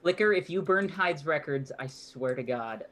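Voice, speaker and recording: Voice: medium pitch, animated, moderate pace, fairly bright tone. A player in a tabletop role-playing game, talking playfully in and out of character. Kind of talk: tabletop role-play chat.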